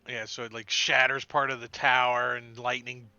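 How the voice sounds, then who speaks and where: A man running a tabletop game as game master, acting out sound effects and shouted lines. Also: medium pitch, level tone, moderate pace, creaky, smooth, no echo, muffled recording.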